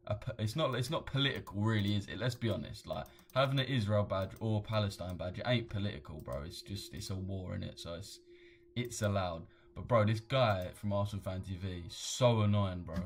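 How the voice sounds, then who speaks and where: Man, lowish voice, slangy, sweary streamer banter. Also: slight background noise. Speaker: live trading streamer. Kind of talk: casual live-stream commentary.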